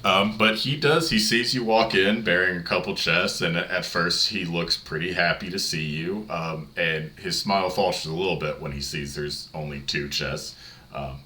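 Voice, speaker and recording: A man's voice: low voice, normal speed, sharp tone. A young man from Tennessee with a light Southern twang, running a tabletop game in a rambling, laughing way. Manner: rambling, laughs often, many fillers. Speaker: game master. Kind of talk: narrating a tabletop game, casual chat.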